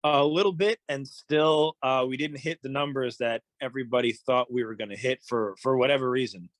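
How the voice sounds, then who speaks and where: A man, a musician guest on a podcast, telling stories in a relaxed, rambling way with many fillers. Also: medium pitch, fairly quick, dry recording. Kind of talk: casual storytelling in an interview.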